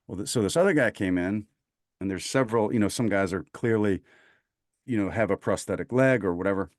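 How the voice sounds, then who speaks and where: A man's voice: on the low side, fairly quick, dry recording, clean studio sound. A man with a Southern US accent telling a war story in a casual podcast chat, acting out the voices of the people in it. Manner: animated storyteller, acts out quoted voices. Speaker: podcast guest, voice actor.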